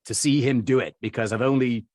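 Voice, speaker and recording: A man's voice: mid-range voice, brisk, darkish tone, no echo. Middle-aged man, from Birmingham, England, rambling with fillers, dry close sound. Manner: rambling, with many fillers and restarts. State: recovering from covid. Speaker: dialect coach. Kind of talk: conversational interview answers.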